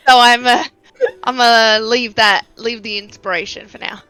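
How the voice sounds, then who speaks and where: A woman playing a tabletop game who speaks haltingly, restarting her sentences. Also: on the high side, fairly even intonation, bright, forceful tone, smooth, no room sound, poor audio. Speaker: player. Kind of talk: casual tabletop play.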